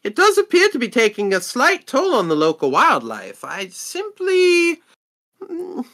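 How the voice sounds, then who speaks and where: A prim, evasive merchant woman, put on by a man running a tabletop game, her voice lifting high and swooping through each excuse. She sounds bright and sharp, fussing over her words with little restarts. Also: wildly swooping pitch, a little slow, full character voice. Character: haughty female merchant with a grudge. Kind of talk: tabletop role-play.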